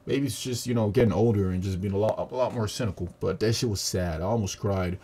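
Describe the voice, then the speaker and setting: Low dark-voiced man ranting a review. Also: fast talker. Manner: profane, animated retelling with acted quotes. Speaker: video reviewer. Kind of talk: casual movie review. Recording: audio static.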